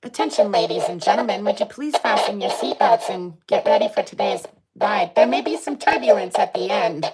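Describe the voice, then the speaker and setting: A woman's voice: mid-range voice, expressive, brisk, few pauses, a little mellow, slightly rough, faint music behind, low-quality recording. A woman putting on a formal airline announcer voice, played through a toy voice changer. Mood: mock-formal.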